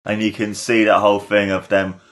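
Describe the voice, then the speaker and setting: Gushing young man with a lowish voice. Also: moderate pace. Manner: excited, gushing and rambling. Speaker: podcast host. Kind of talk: casual watchalong commentary.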